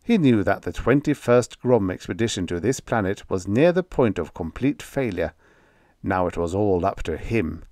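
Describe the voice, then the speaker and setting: A man narrating a vintage science fiction audiobook with expressive storytelling. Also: on the low side, moderate pace, no echo, clean studio sound.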